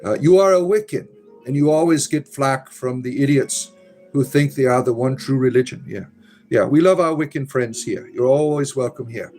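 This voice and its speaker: A man with a mid-range voice hosts a relaxed live stream, reading out comments and tossing off dry, wry asides. He drifts into low mutters between messages. Faint music plays in the background. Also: moderate pace. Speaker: livestream host reading chat. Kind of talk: casual live-stream chat.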